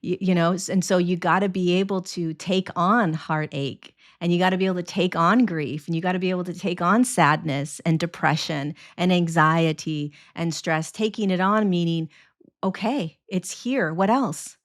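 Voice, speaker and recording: A woman in her forties talking as a podcast guest in a low, easy voice. She is animated and casual, acts out little quoted voices and laughs often, and she restarts her sentences a lot. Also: normal speed, hardly any pauses. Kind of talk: casual interview talk.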